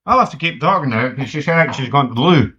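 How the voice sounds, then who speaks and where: A man's voice: mid-range voice, expressive, quick pace, sharp tone, slightly rough. A Scottish man rambling and joking through a spoken letter to family at home. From Scotland. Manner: rambling, joking, self-mocking. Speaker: cassette letter writer. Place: home living room with friends. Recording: dull lo-fi home cassette.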